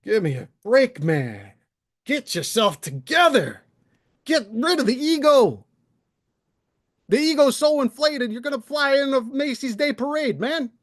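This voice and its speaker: A man's voice: very high-pitched, expressive, unhurried. A male livestream host delivering an exasperated, profane, confrontational rant straight to the camera. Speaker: channel host. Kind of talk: ranting livestream monologue.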